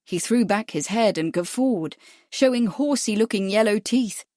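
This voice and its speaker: A woman narrating a cozy mystery audiobook in a measured, even storytelling voice. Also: medium pitch, no room sound, studio quality. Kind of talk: scripted narration.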